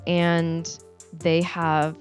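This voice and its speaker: A woman's voice: on the low side, monotone, very slow, faint music behind. A woman in her twenties co-hosting a podcast, telling a sheepish story in casual chat. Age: 20s. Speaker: podcast co-host.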